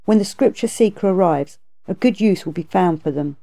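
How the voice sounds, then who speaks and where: A woman reading aloud, voicing a stern, lofty female Bodhisattva who admonishes calmly. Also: fairly low pitch, brisk, creaky. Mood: admonishing. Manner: calm, admonishing.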